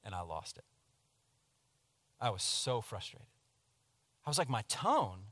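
A man preaching, telling a personal story in a confessional, animated way that swings from hushed to loud. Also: on the low side, measured pace, dry recording. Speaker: pastor. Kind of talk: sermon storytelling.

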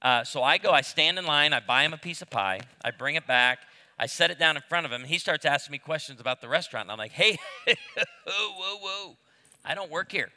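Animated preaching man in a hall. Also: a little high, fast talker. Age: 50s. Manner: animated storyteller, acts out voices. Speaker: pastor. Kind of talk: sermon with humorous stories. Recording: long hall reverb.

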